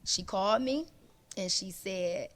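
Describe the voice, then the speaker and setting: Animated woman telling a personal story. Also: mid-range voice, measured pace. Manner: animated storyteller who acts out dialogue. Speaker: panel guest. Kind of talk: casual panel talk.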